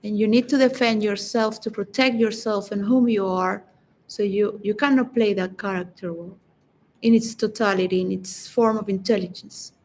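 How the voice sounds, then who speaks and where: A woman's voice: medium pitch, fairly even intonation, normal speed, darkish tone, a little hiss or hum, rough recording. A woman giving a reflective, philosophical solo monologue that rambles and halts, with frequent restarts. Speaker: vlogger.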